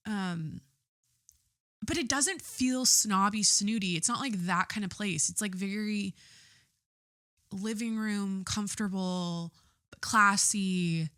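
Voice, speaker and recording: A woman's voice: mid-range voice, slow pace, long pauses, fairly bright tone, dry recording, studio quality. A young woman hosting her own podcast, rambling and giggling through a casual monologue and swearing freely. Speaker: podcast host.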